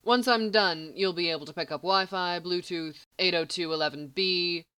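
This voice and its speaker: A woman reading the lines of a sharp-tongued, impatient genius man who snaps commands. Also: lowish voice, moderate pace, slight background noise, lightly acted. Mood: brisk. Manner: snappish, commanding.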